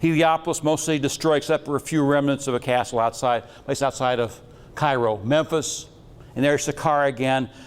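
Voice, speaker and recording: A man's voice: medium pitch, steady tone, brisk, clear, resonant tone, in a large hall. Joking, rambling male metaphysics lecturer. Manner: rambling, jokey and irreverent. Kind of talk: lecture with slides.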